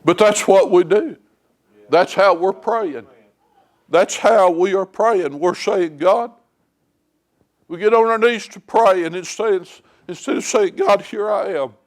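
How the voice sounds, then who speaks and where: A man with a high, light voice preaches a sermon in a church. He talks plainly and folksily, leaning on homespun stories. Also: slow pace. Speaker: lay preacher. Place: church sanctuary.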